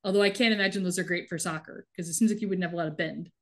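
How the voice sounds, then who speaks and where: A woman co-hosts a casual podcast, recapping a TV show with dry, sarcastic asides and reading out lines in light character voices. Her voice is lowish and fairly bright, steady in tone, and she talks rapid-fire.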